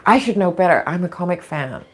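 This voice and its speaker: A woman's voice: on the low side, animated, brisk, slight background noise. A woman hosting a casual talk show, frank and opinionated, rambling with a slightly irritated throat. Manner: frank, opinionated, digressive, laughs often. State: throat irritation, occasional coughing. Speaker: podcast host.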